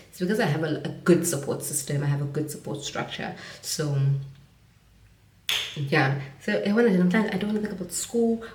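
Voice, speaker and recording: A woman's voice: low voice, a little mellow. A young South African woman vlogging casually, reflective and switching between English and Zulu phrases, a Zulu speaker. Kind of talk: casual talking to camera. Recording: roomy audio from a distance.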